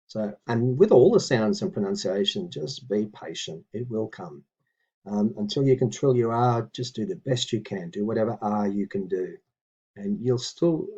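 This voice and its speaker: Man, patient teacher, low husky voice, dark tone, slightly dull audio. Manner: patient, reassuring, reads phrases slowly and deliberately. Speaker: language teacher. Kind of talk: relaxed spoken lesson.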